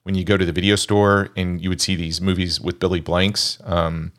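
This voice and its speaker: A man with a very low, deep voice talks about movies in a loose, rambling way. He is enthusiastic, and his speech is full of fillers and restarts. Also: level tone, moderate pace, a bit bright. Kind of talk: casual film podcast chat.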